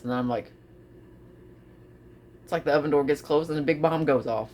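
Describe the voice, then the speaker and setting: A woman vlogging casually to her viewers, expressive, often repeating her phrases and laughing. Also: sits low, a little fast, pauses often, slight background noise. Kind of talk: casual talk to camera.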